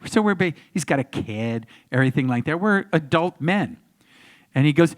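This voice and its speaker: A man in his sixties telling stories as a panel guest, animated and acting out the other voices in them. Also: fairly high pitch, normal speed. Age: 60s. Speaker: actor guest on a convention panel. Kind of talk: anecdotal Q&A storytelling. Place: convention panel room.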